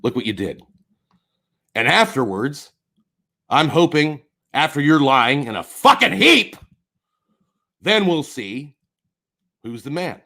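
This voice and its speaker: A man's voice: fairly high pitch, big pitch swings, slow pace, pauses often. Furious swearing man ranting on stream. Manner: angry, swearing, swings between quiet and shouting. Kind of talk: heated livestream rant.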